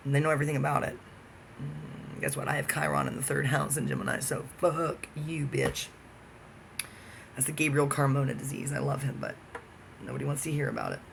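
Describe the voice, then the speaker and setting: A man's voice: mid-range voice, level tone, quick pace, vocal fry, a bit bright, a little hiss or hum. A man talking alone to the camera in a rambling, profane monologue that jumps from topic to topic. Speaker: vlogger.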